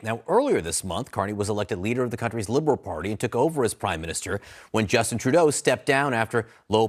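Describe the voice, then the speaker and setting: A male news anchor reading headlines and introducing reports in a brisk, scripted way. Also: medium pitch.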